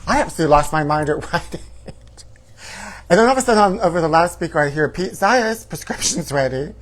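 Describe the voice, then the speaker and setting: A man's voice: a little high, animated, fast talker, rough recording. Flamboyant campy man telling a story. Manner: flamboyant, theatrical, calls listeners honey, bursts into shouted quotes. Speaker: comedy show host.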